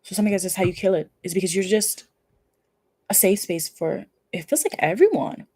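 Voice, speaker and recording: A woman reads tarot cards for her viewers in a quick, tumbling delivery. She is effusive and emphatic, with casual swearing, and her voice sits at an ordinary middle pitch. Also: lively intonation, warm tone, husky, no room sound. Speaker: tarot reader. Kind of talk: casual pick-a-card tarot reading.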